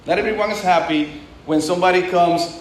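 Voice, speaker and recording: A man's voice: high-pitched, a little fast, roomy sound, slight background noise, low-quality recording. A man preaching a sermon in a conversational way, often restarting and adding asides. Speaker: pastor.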